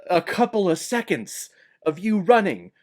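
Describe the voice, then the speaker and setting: A man's voice: sits high, big pitch swings, unhurried, a little mellow. A man giving a casual vlog movie review in a sarcastic, blunt and exasperated way.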